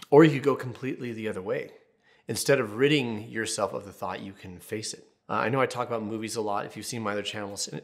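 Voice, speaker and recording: A man in his thirties, a therapist hosting an advice video, talking casually and candidly with jokey asides and personal stories. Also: on the low side. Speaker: therapist, channel host.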